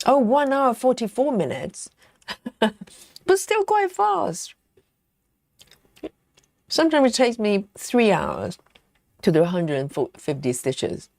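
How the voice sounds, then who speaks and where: A woman's voice: on the high side, very animated, slow, creaky, long pauses, a little mellow, dry recording. Giggly woman chatting on a stitching livestream. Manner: chatty and giggly, reads viewer comments aloud; snacks on chocolate while talking. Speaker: livestream host. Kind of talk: casual live-stream chat while cross-stitching.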